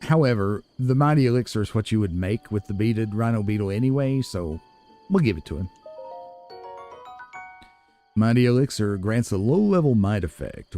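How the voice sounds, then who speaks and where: Male let's-play host, mellow low voice, animated pitch, soft game music behind. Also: moderate pace. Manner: relaxed, musing, chuckles at himself. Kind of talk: casual gameplay commentary.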